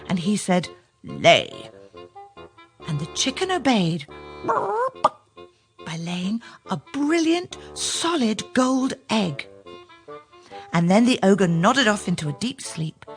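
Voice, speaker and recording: A woman narrating a children's fairy tale in an expressive storytelling manner. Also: lowish voice.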